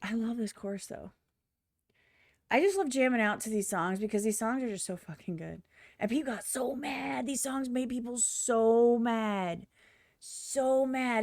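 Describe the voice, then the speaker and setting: A woman's voice: a little high, a little slow, darkish tone, no echo, clean studio sound. A woman streamer giving blunt, profane reaction commentary on a music video, often mimicking other people in exaggerated voices.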